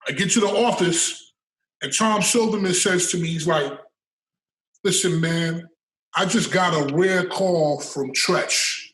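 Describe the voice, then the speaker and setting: A man's voice: high voice, a little slow, fairly bright tone, recorded from a distance, a little hiss or hum. A man as a podcast guest, telling stories in a casual interview, emphatic and profane, often repeating words as he builds a point. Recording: roomy and off-mic.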